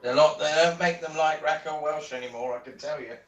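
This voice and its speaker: A man's voice: fairly high pitch, a little fast. Male hobby-chat participant, theatrical turn of phrase, distant and echoey pickup. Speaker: participant in online paint and chat. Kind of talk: casual group chat.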